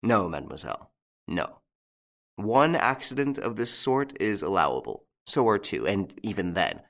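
A man reading an audiobook, voicing a calm, authoritative gentleman thief who speaks distinctly and reassuringly, in a lowish voice. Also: normal speed, vocal fry, full character voice. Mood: grave.

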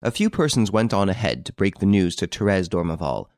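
A male audiobook narrator with a low voice and animated, expressive delivery. His reading moves through wide swings in pitch as he tells the story. The recording is dry, with no room sound. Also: a little fast, no echo.

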